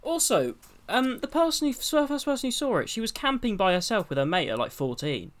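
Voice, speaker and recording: A man's voice: extremely high pitch, sing-song, fairly quick, a bit bright. A young man co-hosting a podcast, chatting casually and giggling, his sentences trailing off into mumbles. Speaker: podcast co-host. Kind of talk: casual chat.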